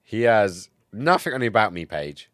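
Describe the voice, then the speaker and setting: A man streaming live in casual chat, a bit tipsy, excitable and swearing, swinging between loud outbursts and low mumbles. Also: moderate pace, no echo, studio quality. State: tipsy from cider.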